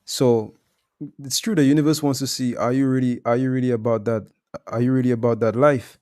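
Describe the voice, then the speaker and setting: A man's voice: medium pitch, fairly even intonation, fairly quick, dark tone. A man talking as a sales coach in a casual discussion, laid-back and slangy, explaining with examples.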